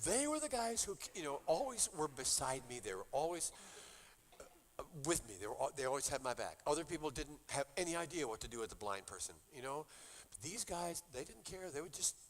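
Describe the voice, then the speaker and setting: Older man, high lively voice, joking storyteller. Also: fairly quick. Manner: playful, jokey exaggeration. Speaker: chapel musician and worship leader. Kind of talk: storytelling talk between songs. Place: university chapel service.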